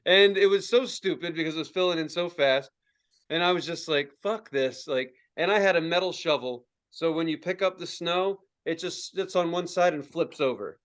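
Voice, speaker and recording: A young adult man, a podcast co-host, telling a story in casual chat, swearing freely and acting out quotes in high yelps. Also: moderate pace. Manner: profane, animated, acts out quotes in high yelps.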